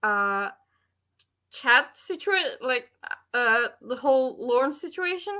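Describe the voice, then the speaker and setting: Casting: high, bright female voice, hesitant and giggly, casual podcast co-host. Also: animated, slow pace. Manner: hesitant, giggly, many fillers.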